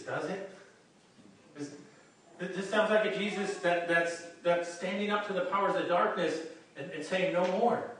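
A male pastor delivers an animated sermon, stumbling over repeated words as he pushes on. His fairly high voice rings around a very echoey church hall and is picked up from a distance. A faint hiss sits under it.

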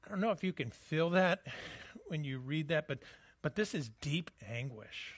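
Earnest pastor, higher voice. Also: male voice, expressive, normal speed, dry recording, dull audio. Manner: earnest, often repeats words as he restarts. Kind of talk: sermon.

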